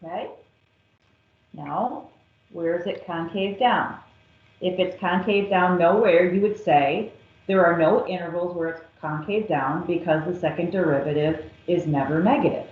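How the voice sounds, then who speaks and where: A woman math teacher working through a calculus problem step by step, patient and methodical. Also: on the low side. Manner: slow, patient, step-by-step explaining. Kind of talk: recorded calculus lesson. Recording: echoey, dull lo-fi classroom recording.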